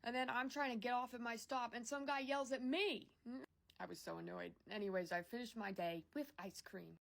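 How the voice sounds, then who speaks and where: A woman giving casual travel diary narration, a relaxed recap of her day with fillers. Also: on the high side, moderate pace, vocal fry.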